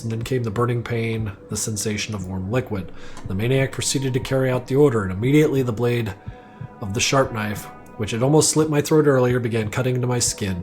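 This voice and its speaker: A man's voice: mid-range voice, darkish tone. A man streaming live, reading a first-person story aloud dramatically, now and then stumbling and correcting himself. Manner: reads aloud with occasional slips and self-corrections.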